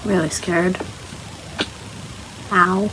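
Speaking very slowly in a lowish voice with fairly flat intonation, the young woman runs a gaming channel and talks nervously to herself while playing Minecraft. The background is noisy, and she's chatty and easily frightened throughout the casual commentary.

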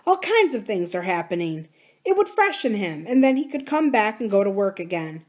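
Lady reading a practical businessman brother, matter-of-fact, middle pitch. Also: very animated, normal speed, a little mellow.

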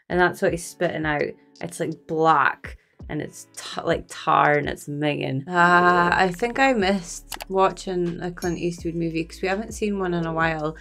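A woman's voice: on the low side, a bit bright. A woman chatting and reacting aloud while watching a movie, exclaiming and laughing along. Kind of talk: casual reaction commentary.

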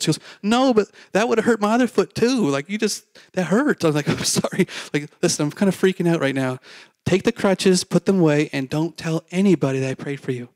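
A man's voice: on the high side, a little mellow, no echo. A man preaching a sermon as a pastor, telling a personal story in a casual, self-deprecating way and acting out the dialogue.

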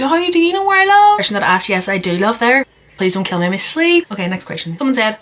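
A woman's voice: medium pitch, fairly bright tone. A young woman, answering viewer questions in a casual vlog, chatty and candid, laughing at herself and rambling with lots of "like"s. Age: young adult. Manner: chatty, candid and self-mocking, rambling with many "like"s. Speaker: YouTuber.

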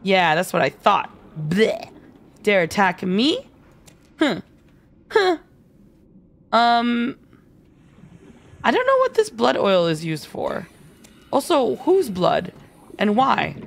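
A woman's voice: mid-range voice, big pitch swings, slow, creaky, long pauses. A young woman streaming a game live, bubbly and giggly, with playful dramatic outbursts at her chat.

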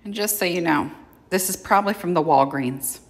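A woman's voice: fairly low pitch, moderate pace, long reverb tail. A woman giving a chatty, plain-spoken sewing tutorial in a home kitchen, explaining each step. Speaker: sewing instructor. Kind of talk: casual how-to tutorial.

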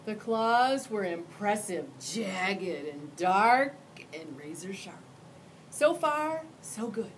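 A woman teacher reading a picture book aloud with expressive storytelling. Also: medium pitch, takes it slowly, slight background noise, low-quality recording.

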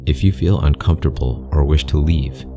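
A man voicing a mysterious male interviewer speaking through a speaker, calm, polite and cold, with an accent that is neither British nor American. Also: a bass voice, brisk, over music. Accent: unplaceable accent, neither British nor American.

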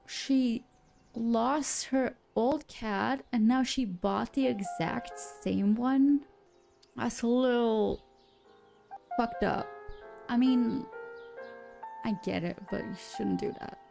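A woman's voice: on the high side, very slow, vocal fry, pauses often, mellow, soft background music. A young woman commenting casually on a game as she plays, chatty and emotional, swearing now and then. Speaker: gaming streamer. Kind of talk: let's play commentary.

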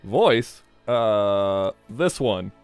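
A man's voice: lowish voice, animated, very slow, smooth, dry recording, soft background music. A man hosting a let's play, giving casual, jokey gameplay commentary and swearing freely.

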